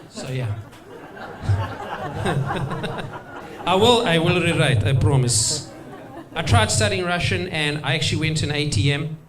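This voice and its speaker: A man performing a stand-up comedy set on stage, chatting with the crowd and slipping into put-on accents. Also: a little high.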